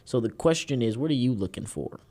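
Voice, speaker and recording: A man's voice: medium pitch, lively intonation, fairly quick, mellow. Joking Southern podcast host, man. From Houston, Texas. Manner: joking, rambling, theatrical emphasis. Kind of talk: casual political podcast chat.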